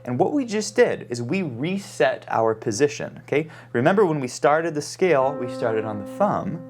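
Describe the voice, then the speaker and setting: Man teaching piano over loud playing. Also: medium pitch, big pitch swings, moderate pace. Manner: calls out note names while playing, frequent "okay?" check-ins. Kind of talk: piano lesson, demonstrating at the keyboard.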